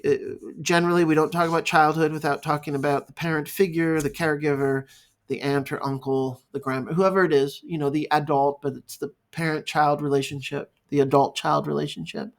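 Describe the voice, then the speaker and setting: A male therapist speaking in a reflective, halting monologue, improvising as he goes. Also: on the high side, vocal fry. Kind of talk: unscripted talking-head monologue.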